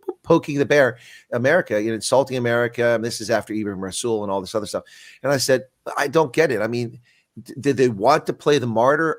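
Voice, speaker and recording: A retired colonel and intelligence analyst argues in blunt, emphatic, rapid-fire fashion during a frank political discussion over a video call. His voice is on the low side, recorded cleanly in the studio with no echo.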